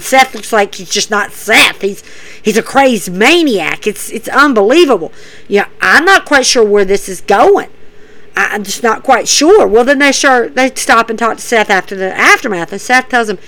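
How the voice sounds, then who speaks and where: A woman's voice: a little high, poor audio. A woman hosting a podcast, giving a chatty, repetitive play-by-play recap in a casual commentary style. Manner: chatty, repeats herself, animated play-by-play. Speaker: podcast host.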